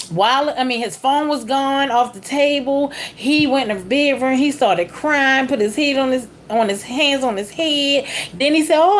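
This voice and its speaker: A middle-aged woman telling a rambling story casually, with big jumps in pitch. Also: slight background noise. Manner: animated, with big pitch jumps on quoted speech; rambling, with frequent fillers and restarts. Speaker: vlogger.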